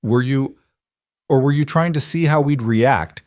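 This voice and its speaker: A man voicing a quiet cowboy who speaks in a calm, measured and firm way. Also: mid-range voice, no echo, studio quality, pitched above the performer's own voice, natural voice.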